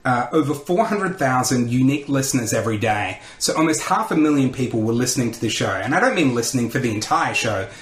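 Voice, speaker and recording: A man, a comedian telling lively stories in a podcast interview and acting out the voices of people he quotes. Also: medium pitch, quick pace, hardly any pauses, roomy sound. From Australia. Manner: animated storyteller who acts out quotes. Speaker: comedian and radio host, podcast guest. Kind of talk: casual interview storytelling.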